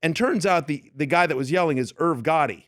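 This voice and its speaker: Speaking a little fast in a voice on the high side, a fantasy football analyst chats through an interview at a radio studio, animatedly acting out the people in his anecdotes, including their yelling. The sound is clean and echo-free.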